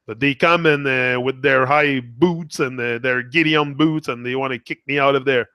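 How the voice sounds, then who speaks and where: A man's voice: mid-range voice, fairly even intonation, normal speed, pushed and bright, smooth, dry recording, studio quality. Rambling man with a Quebec French accent. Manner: rambling, swears freely, talks back to a viewer. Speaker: motivational live streamer. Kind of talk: casual rambling live monologue.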